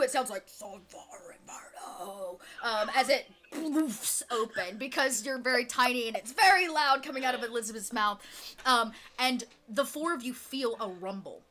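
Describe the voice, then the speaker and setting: Brief: bright-voiced woman running a tabletop game. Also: high voice, expressive, normal speed. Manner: loose and chatty, with fillers and laughs. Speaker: game master. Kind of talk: narrating a live-streamed tabletop game.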